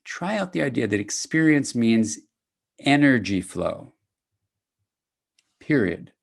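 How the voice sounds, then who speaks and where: Animated older male psychiatry lecturer. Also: slow pace, vocal fry. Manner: animated, conversational, acts out dialogues with rising pitch. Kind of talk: academic lecture.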